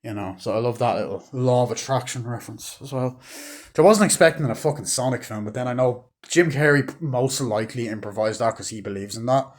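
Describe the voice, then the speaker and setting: A man's voice: mid-range voice, brisk. A man casually reviewing a movie, rambling with lots of fillers and acting out lines from scenes.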